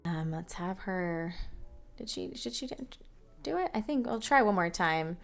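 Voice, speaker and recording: A woman's voice: lowish voice, lively intonation, unhurried. A woman hosting a let's play, chatting casually as she narrates her game with fillers and small laughs. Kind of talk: casual gameplay commentary. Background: game music.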